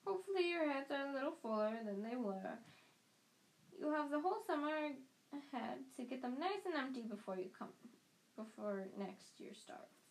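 Woman voicing a cheerful old wizard headmaster, measured and rambling, a little high-pitched, storybook reading. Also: very animated, poor audio. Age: older.

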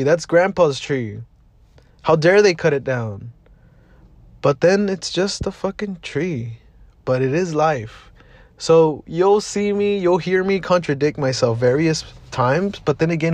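A podcast host in his twenties from Southeast Los Angeles speaks in a fairly high, slightly mellow voice with no room sound. His casual motivational monologue is blunt, heartfelt and full of swearing.

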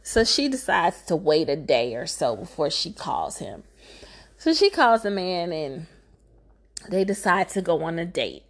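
A woman's voice: on the low side, sing-song, unhurried. A woman giving a casual movie recap, sassy and exasperated, talking back to the filmmaker.

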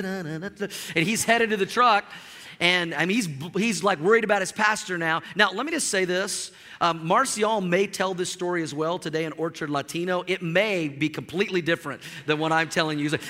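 A man's voice: high-pitched, brisk, sharp tone, long reverb tail. A male pastor preaching a sermon in a church, telling a personal story and acting out the dialogue. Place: church sanctuary.

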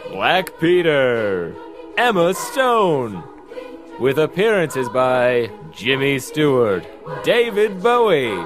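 A man's voice: mid-range voice, very animated, slow pace, music in the background. Sing-song mock-grand male announcer. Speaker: co-host introducing the show.

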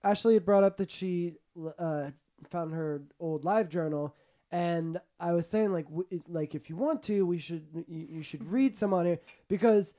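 A man's voice: high voice, moderate pace, mellow. A young man co-hosting a podcast, telling stories in a laid-back, casual way. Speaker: podcast co-host. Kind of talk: casual chat.

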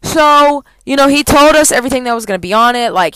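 A young woman vents in a casual, exasperated rant full of swearing. Her voice sits a little high, and the sound is dry and close, with no room echo. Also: lively intonation, fast talker, sharp tone, clean tone. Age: young adult. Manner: profane, exasperated ranting. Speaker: college student. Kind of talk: casual ranting vlog.

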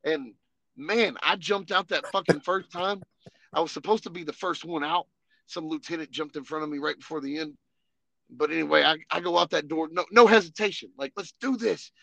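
A man co-hosting a podcast, telling animated, profane, laughing war stories in casual chat. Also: fairly high pitch, fairly quick, creaky, dry recording, rough recording. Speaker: podcast co-host.

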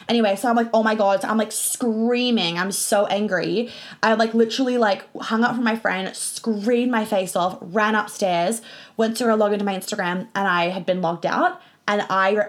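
A young adult woman vlogger telling a story in a chatty, animated way, swearing freely and spelling out some words. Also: medium pitch. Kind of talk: casual storytime vlog.

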